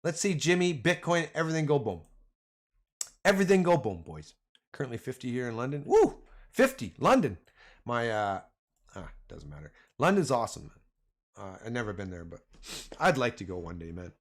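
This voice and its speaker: In a mid-range voice at normal speed, a stock trading streamer with a Canadian accent runs live market commentary for his chat. He keeps it casual and animated, full of slang, and keeps saying "man" and "boys."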